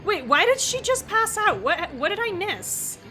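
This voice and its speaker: A woman streaming a visual novel playthrough, reacting out loud in an excitable, exclamatory way and swearing freely. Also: extremely high pitch, measured pace. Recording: faint game music behind.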